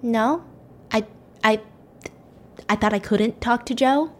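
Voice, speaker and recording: An ambitious young doctor, as a woman storyteller puts him on, eager and flattering, then stammering when cornered. The voice stays somewhat high. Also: slow pace. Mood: nervous.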